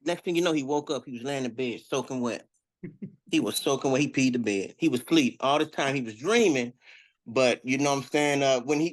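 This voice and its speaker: A man improvising a story in a rambling way, often asking if the listener follows. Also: on the high side. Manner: rambling, keeps adding "you know what I'm saying".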